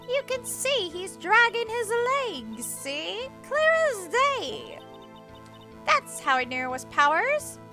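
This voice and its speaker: Brief: nosy old busybody witness, high and bright, swings up and down, indignant voiced by a woman. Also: exaggerated voice. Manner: scolding, bossy, indignant.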